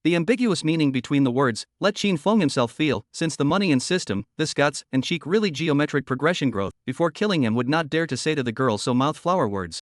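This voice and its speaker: A man's voice: a little high, lively intonation, brisk, hardly any pauses, no echo, studio quality. Matter-of-fact male recap narrator. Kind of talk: scripted story recap narration.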